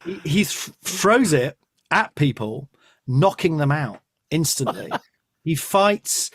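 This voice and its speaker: Male host, casual comic chat, animated rambling teller, dry studio sound. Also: on the high side, slow pace, breathy edge, no echo. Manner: rambling, animated storytelling with asides. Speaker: podcast host.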